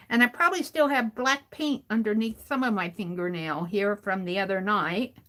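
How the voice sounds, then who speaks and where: A woman's voice: mid-range voice, moderate pace, bright, forceful tone. A woman art streamer rambling through a story as she crafts, chatty and full of restarts. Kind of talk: casual storytelling while crafting.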